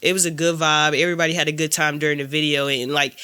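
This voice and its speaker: A man's voice: fairly high pitch, little pitch movement, quick pace, pushed and bright, clean tone. A man talking as a guest on a podcast, telling stories in a laid-back, slangy way. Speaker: guest clothing designer. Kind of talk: casual podcast chat.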